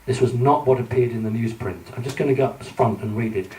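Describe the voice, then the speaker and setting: British guy giving a talk in a big echoey hall, mellow voice, kinda distant, lots of ums. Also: medium pitch, fast talker. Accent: British English. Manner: hesitant, many fillers and restarts, earnest and warning. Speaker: conference speaker. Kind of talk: conference talk with slides. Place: large conference hall. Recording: echoey hall from far off, faint hiss.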